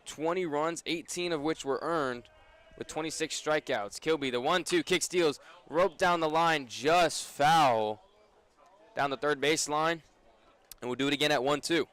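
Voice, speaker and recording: Smooth-voiced young man calling baseball. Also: on the high side, fairly bright tone. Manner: brisk play-by-play that rises on big plays. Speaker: play-by-play announcer. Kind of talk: radio baseball commentary.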